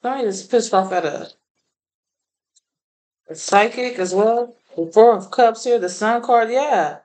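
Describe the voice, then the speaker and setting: A woman's voice: fairly high pitch, measured pace, a little mellow, rough recording. A woman doing a casual tarot reading, blunt and profane, laughing often. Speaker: tarot reader.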